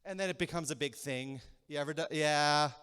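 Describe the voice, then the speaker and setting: A man preaching a sermon as pastor, animated, acting out little quarrels and checking in with the congregation. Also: on the high side, clear, resonant tone. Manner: animated, acts out quick mock quarrels, asks the crowd "okay?". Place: church sanctuary. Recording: reverberant church hall.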